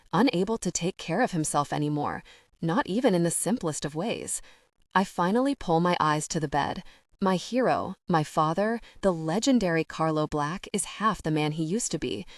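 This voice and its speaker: A woman with a low voice reads an audiobook in the first person. Her storytelling is steady and even, and the sound is close and dry. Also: no echo. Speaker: audiobook narrator. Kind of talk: scripted narration.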